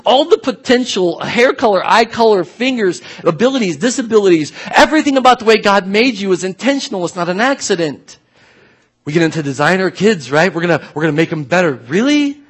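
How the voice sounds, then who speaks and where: A man's voice: high voice, lively intonation, brisk, husky. A man preaching a sermon as pastor, talking conversationally and emphatically, repeating his key phrases.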